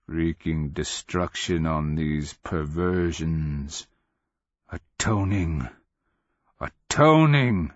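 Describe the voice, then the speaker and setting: A man voicing an ancient deep-voiced nonman priest. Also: no room sound, muffled recording. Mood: fierce. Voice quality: deep, slow and intoning. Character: ancient male nonman warrior-priest, brooding and fierce.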